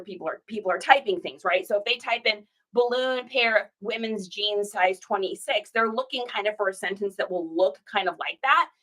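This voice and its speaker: A woman's voice: mid-range voice, a bit bright, rough recording. A woman reseller chatting casually to her viewers, encouraging them and often breaking into fits of laughter. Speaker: online clothing reseller.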